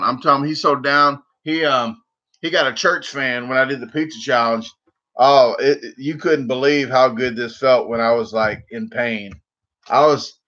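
A man's voice: mid-range voice, pushed and bright, lo-fi sound. A man hosting a casual livestream, rambling and joking, repeating words for laughs. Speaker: livestream host.

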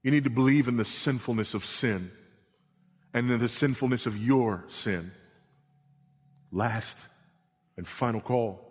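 Preaching man in a reverberant church hall. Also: normal speed. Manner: emphatic preaching, swinging from loud repetition to hushed low delivery. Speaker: pastor. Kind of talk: sermon. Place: church sanctuary.

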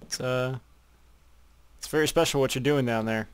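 A man's voice: mid-range voice, normal speed, noisy background. A man playing a co-op game with friends, teasing them, swearing and mock-narrating the action. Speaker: gamer playing a co-op map. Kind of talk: casual gaming commentary.

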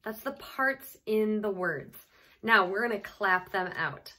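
A woman teaching young children to read, speaking slowly and patiently with a medium pitch. She sounds out words letter by letter and claps out syllables, coaxing the listener to follow along. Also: lively intonation, sharp tone. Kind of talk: phonics lesson for young children.

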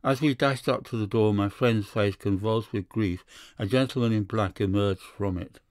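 A man narrating a classic story in a measured storytelling manner. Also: lowish voice, a little mellow, dry recording, studio quality. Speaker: audiobook narrator. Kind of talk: scripted narration.

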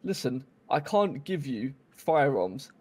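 A man role-playing a police commander, speaking calmly and patiently to smooth things over. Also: mid-range voice, slow. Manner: calm, patient and placating. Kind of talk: role-play banter.

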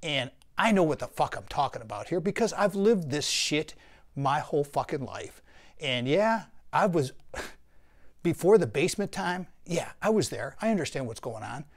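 A man's voice: fairly high pitch, big pitch swings, normal speed. An older man giving blunt, profane motivational advice to other men in a rant. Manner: blunt, crude, preachy.

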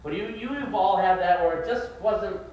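A man's voice: high voice, moderate pace, a little mellow, muffled recording, slight background noise. A middle-aged man preaching a sermon, telling folksy family stories and acting out his children's whining. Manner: folksy storytelling, acts out his kids' whining voices. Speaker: pastor. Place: church sanctuary. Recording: echoey church room, mic at a distance.

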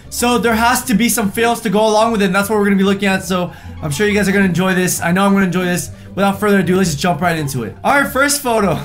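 A man's voice: high-pitched, fairly bright tone. A young man hosting a reaction video, chatting casually and joking, now and then putting on mocking voices for the people in the photos.

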